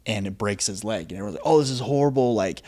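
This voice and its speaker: Speaking quickly in a mellow, lower register, a podcast host in his thirties conducts a laid-back interview. His talk is loose and peppered with plenty of "dude" and "like."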